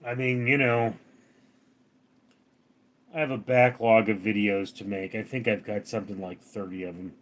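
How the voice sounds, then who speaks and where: A man's voice: fairly low pitch, steady tone, normal speed, long pauses. A man from Los Angeles hosting a casual late-night livestream, rambling as he reads out and answers viewer comments. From Los Angeles, California. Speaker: livestream host reading chat. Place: outdoors at night.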